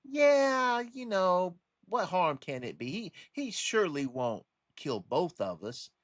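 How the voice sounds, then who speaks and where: A man doing a high, gullible fable frog. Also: big pitch swings, takes it slowly, fairly bright tone, no echo, clean studio sound, full character voice. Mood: wary then naive.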